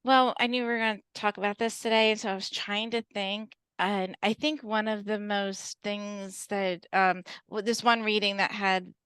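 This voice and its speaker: A woman's voice: medium pitch, little pitch movement, moderate pace, hardly any pauses, fairly bright tone, smooth, no echo. A woman co-hosting a podcast as a medium, speaking earnestly and often restarting her phrases. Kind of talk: casual podcast chat.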